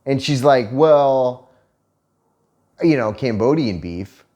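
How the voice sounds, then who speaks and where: A man's voice: mid-range voice, sing-song, a little slow, darkish tone. A man telling a story in a casual, profane, joking way and laughing often. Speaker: vlogger.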